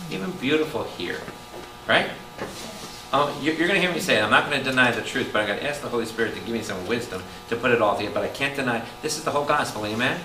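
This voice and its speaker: A man, a priest, preaching a Bible study to a congregation, animated and calling out questions to the room. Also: medium pitch, quick pace. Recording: roomy hall taped from a distance with noise.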